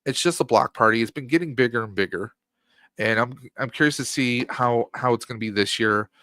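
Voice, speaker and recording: A man's voice: medium pitch, a little fast, pushed and bright, dry recording. A man in his mid-forties, a podcast guest, talking casually and rambling with frequent fillers. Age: 40s. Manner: rambling, lots of fillers like um and you know.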